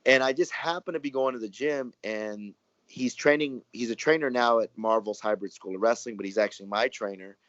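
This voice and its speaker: A man, a wrestler telling stories in a relaxed interview, rambling and acting out what others said. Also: medium pitch, a little fast, no room sound. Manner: rambling, animated, acts out quoted dialogue. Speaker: professional wrestler and guest. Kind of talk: casual storytelling interview. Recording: dry, muffled lo-fi audio.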